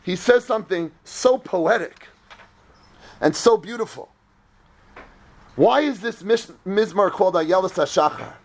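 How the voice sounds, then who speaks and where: A man giving a sermon-style Torah lecture as a rabbi, dramatic, swinging between hushed low tones and impassioned shouting. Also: expressive, unhurried, gravelly, long pauses.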